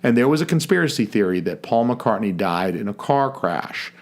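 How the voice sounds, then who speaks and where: A man's voice: lowish voice, animated, normal speed. A man co-hosting a casual podcast chat, joking and swearing as he tells stories. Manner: chatty, profane, jokey storyteller. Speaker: podcast co-host.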